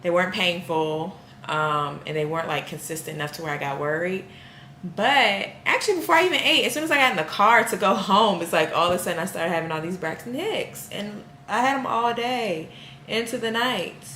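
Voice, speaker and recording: A woman's voice: on the low side, expressive, brisk, bright, forceful tone. A woman vlogging in a casual, chatty way, telling her story with amused exasperation. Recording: roomy, faintly noisy room.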